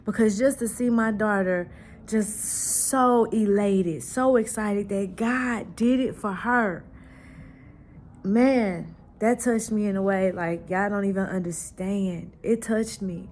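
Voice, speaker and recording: A woman's voice: mid-range voice, slow pace, slight background noise. Heartfelt woman vlogger sharing her faith. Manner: animated storyteller, prayerful and heartfelt. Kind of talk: casual devotional chat.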